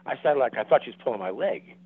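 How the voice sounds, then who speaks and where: Speaking fast with lively intonation, this medium-pitched man in his seventies tells casual stories as a guest. They're long and rambling, with lots of restarts and performed quotations. The audio is a dry, tinny, phone-like line.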